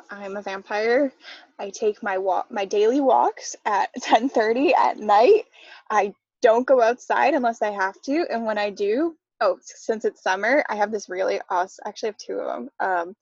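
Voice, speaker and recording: A woman co-hosting a podcast, chatting casually and relaxed, laughing easily. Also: medium pitch, normal speed, creaky, no room sound, muffled recording. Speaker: podcast co-host. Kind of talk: casual chat.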